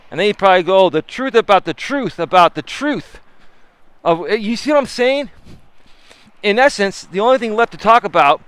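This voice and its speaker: Man, life coach live stream, animated and emphatic, higher voice, smooth, dry sound, phone mic. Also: dry recording. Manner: animated, emphatic, talks to chat viewers. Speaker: life coach and livestream host. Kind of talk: casual live-stream talk. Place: walking outdoors with phone.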